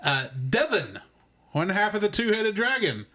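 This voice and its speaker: Animated young man co-hosting a podcast. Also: high-pitched, a little slow. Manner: animated, rambling with repeated words. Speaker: podcast co-host. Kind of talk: casual movie review chat.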